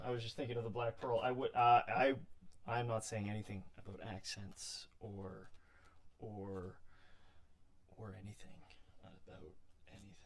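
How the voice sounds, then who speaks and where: Man muttering casually while crafting. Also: lowish voice. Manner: relaxed, muttering to himself between steps. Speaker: miniature crafter livestreaming a build.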